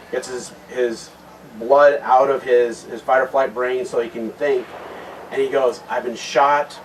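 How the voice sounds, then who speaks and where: A man giving a conversational talk at a men's retreat, retelling a Bible story with many restarted phrases and a quieter voice for serious points. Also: medium pitch. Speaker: guest speaker at a men's retreat. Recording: distant mic with loud background noise.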